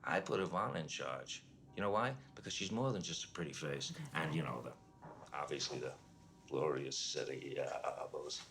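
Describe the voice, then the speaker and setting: A man's voice: extremely low pitch, normal speed, creaky, a bit bright, soft background music, heavily acted. An actor playing a boastful, crude male tycoon with a New York accent who talks bossily and brags about himself. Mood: bragging. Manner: boastful, bossy, crude asides.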